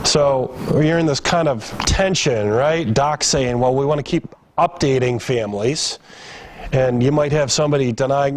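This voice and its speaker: A man's voice: medium pitch, normal speed. A man giving a grief training lecture to emergency staff, talking casually and acting out family members' words with his voice raised. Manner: conversational, acts out family members' lines in raised voice. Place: training room.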